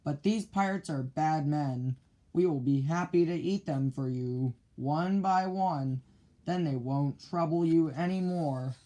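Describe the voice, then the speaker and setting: A man voicing a big male shark, friendly to the doctor but menacing to pirates, speaking slowly and deliberately in a children's storybook reading. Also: a little high, dark tone, lightly acted. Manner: slow, deliberate.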